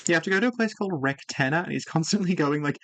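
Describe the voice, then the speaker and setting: A woman's voice: sits low, animated, very fast, dry recording. A woman streaming a game, chatting casually and thinking aloud as she plays. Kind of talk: casual gameplay commentary.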